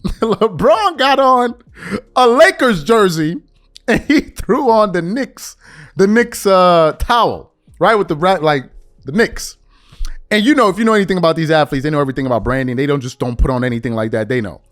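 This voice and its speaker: A New man riffs on basketball in casual, slang-heavy talk, his voice sitting high and swinging widely in pitch. He slips into fans' voices as he goes. Faint music runs underneath. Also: a bit bright. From New York. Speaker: podcast host. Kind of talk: casual sports commentary.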